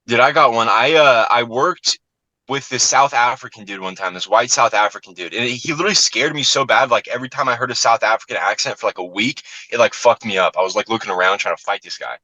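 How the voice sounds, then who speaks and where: A man telling profane, animated stories in casual chat as a comedian guest on a podcast, acting out the people he quotes. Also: mid-range voice, fast, no echo, poor audio.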